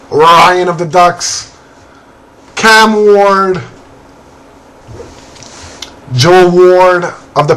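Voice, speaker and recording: A man hosting a card break, calling out player names and teams in a relaxed, casual way and laughing now and then. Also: a little high, rough recording. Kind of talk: casual card-opening commentary.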